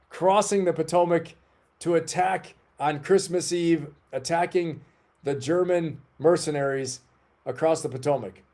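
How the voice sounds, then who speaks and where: Mellow-voiced man hosting a livestream. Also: on the high side. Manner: rambling, chatty, talks to the chat. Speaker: livestream host. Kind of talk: casual live-stream chat.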